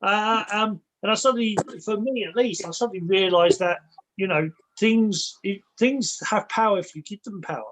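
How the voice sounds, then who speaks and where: A man's voice: sits high, normal speed, a bit bright, low-quality recording. A man speaking as a guest in a casual interview, reflective and rambling, often repeating words and restarting his sentences as he explains ideas through personal stories. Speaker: guest, spiritual and martial arts teacher.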